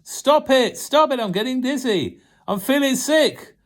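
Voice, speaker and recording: A man's voice: mid-range voice, sing-song, a little slow. A man voicing a frightened talking teacup that cries out and pleads, in a storytelling sermon. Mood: panicked.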